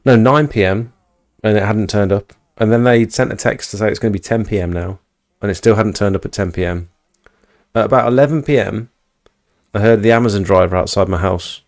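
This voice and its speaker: A man's voice: on the low side, brisk. A man, hosting a livestream and telling a rambling, chatty story to his viewers at home. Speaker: livestream host. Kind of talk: casual storytelling to a live chat. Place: indoors at home.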